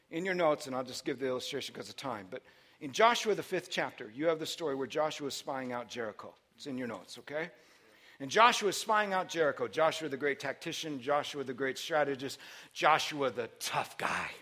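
A man preaching a sermon, moving between quiet teaching and loud, shouted preaching. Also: medium pitch, expressive, brisk.

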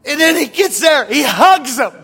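A man's voice: very high-pitched, big pitch swings, normal speed. A male pastor preaching an impassioned sermon in a church hall, full of rhetorical questions. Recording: reverberant hall with soft music.

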